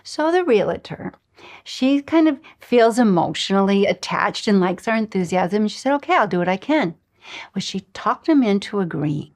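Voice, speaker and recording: A middle-aged woman giving a spiritual lesson, an animated storyteller who acts out the dialogue in her own stories. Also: mid-range voice, normal speed. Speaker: spiritual teacher. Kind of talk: recorded lesson with personal stories.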